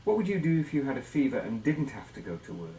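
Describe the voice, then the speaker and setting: A man's voice: mid-range voice, big pitch swings, dark tone. Man explaining in an echoey room. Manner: measured, explanatory, asks guiding questions. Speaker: instructor. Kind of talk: scripted educational presentation.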